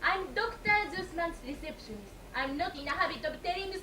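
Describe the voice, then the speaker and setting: A woman's voice: very high-pitched, lively intonation, fairly quick, sharp tone, full character voice. A woman playing a prim, cool receptionist. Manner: crisp, formal, dismissive. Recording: echoey hall, far mic, hiss.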